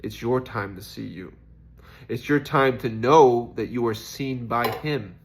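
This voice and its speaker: A man's voice: medium pitch, unhurried. A young man in a casual, reflective faith vlog, rambling and questioning himself with lots of fillers. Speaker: faith vlogger.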